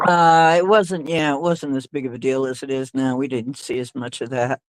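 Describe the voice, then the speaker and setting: A woman's voice: very deep voice, steady tone, normal speed, no echo, poor audio. A woman hosting a livestream, telling stories in a rambling, hesitant way with many fillers and little laughs. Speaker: livestream host. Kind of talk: casual storytelling chat.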